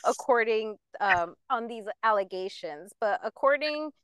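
A young woman co-hosting a casual gossip podcast, chatty and quick to laugh, often reminding listeners that the stories are alleged. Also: fairly high pitch, animated, a bit bright, clean tone, dry recording, studio quality. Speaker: podcast co-host. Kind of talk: casual pop-culture gossip chat.

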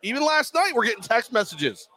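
Animated teasing sports-show man. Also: very high-pitched, a little fast. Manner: animated, teasing, jokey mock outrage. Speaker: sports talk show co-host. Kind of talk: casual sports radio banter.

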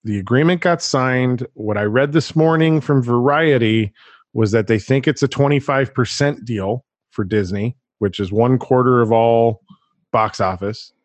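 A man's voice: medium pitch, a little slow, dry recording. Chatty man hosting a podcast chat. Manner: animated, chatty, laughs often. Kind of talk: casual chat.

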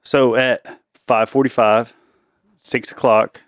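A middle-aged man hosting a casual family podcast, playful, teasing and quick to laugh. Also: medium pitch, level tone, no room sound, studio quality. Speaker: podcast host and father.

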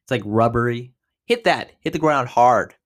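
A man in his twenties hosting a podcast, telling a personal story in a casual, animated way, with big jumps in pitch and loudness. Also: normal speed. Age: 20s. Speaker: podcast host.

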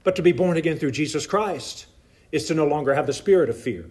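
A man from Appalachia with a Southern Appalachian accent delivers a sermon in church. His voice sits fairly high, and he preaches in an animated, folksy way, chatting with the congregation between points. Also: quick pace. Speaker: pastor.

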